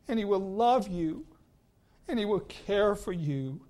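A male pastor preaching a sermon and reading scripture, deliberate, with his voice sinking soft at the ends of phrases. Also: high-pitched, lively intonation.

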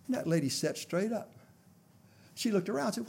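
An older male preacher delivering a sermon with a husky, slightly raised voice. He tells a personal story in a folksy manner, building to loud, emphatic prayer. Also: high-pitched, lively intonation, a little fast, long pauses.

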